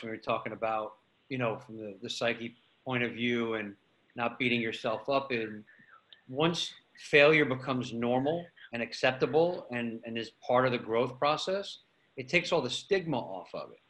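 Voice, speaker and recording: A man's voice: medium pitch, normal speed, fairly bright tone, poor audio. A man in a casual podcast roundtable who talks agreeably and affirms the others. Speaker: roundtable panelist.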